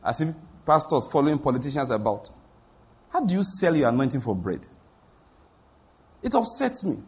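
Husky pastor preaching. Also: male voice, medium pitch, big pitch swings, moderate pace, darkish tone. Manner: storytelling, acts out quoted voices, laughs at his own anecdotes. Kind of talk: sermon.

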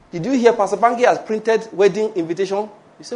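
At a quick pace and in a high voice, a man with a Nigerian English accent preaches as a pastor. He keeps the sermon lively with rhetorical questions and call-and-response appeals for amen.

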